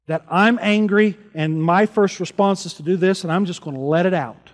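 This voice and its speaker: A man with a high voice preaches as pastor in a church sanctuary, moving at a moderate pace amid big-room sound. He talks earnestly and conversationally, asking rhetorical questions of those gathered.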